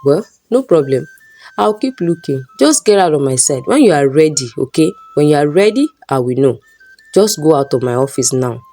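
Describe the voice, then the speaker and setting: A woman's voice: low-pitched, animated, normal speed, dark tone, soft background music. A woman voicing a scheming middle-aged male lecturer who talks smugly and turns to stammering. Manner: smug, then panicky and stammering.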